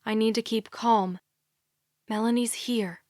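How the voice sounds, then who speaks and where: A woman's voice: on the high side, fairly even intonation, unhurried, darkish tone, no echo. A woman reading a young adult thriller in the first person, tense and earnest, on a close studio mic. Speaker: audiobook narrator. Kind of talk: scripted first-person narration.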